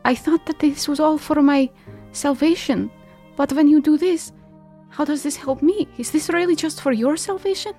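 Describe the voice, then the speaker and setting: A woman's voice: high voice, moderate pace, mellow, soft background music, pitched above the performer's own voice, natural voice. A woman voicing a frightened young woman who pleads with her father, speaking earnestly in a tabletop game. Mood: pleading.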